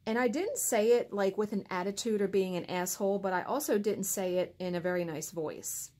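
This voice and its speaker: A woman's voice: medium pitch, brisk. Exasperated woman telling a story. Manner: animated, exasperated retelling with acted-out quotes. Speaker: cross stitch vlogger. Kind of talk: casual storytelling to camera.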